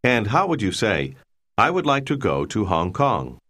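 A man narrating a language lesson in a slow, clear, measured teaching delivery. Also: fairly low pitch, wildly swooping pitch, fairly bright tone. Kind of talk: scripted instructional narration.

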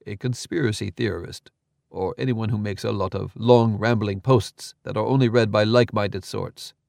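A man voicing a calm, matter-of-fact man who explains things at length, in an audiobook reading. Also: lowish voice, normal speed, vocal fry, no room sound, clean studio sound. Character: calm, precise, lecturing man.

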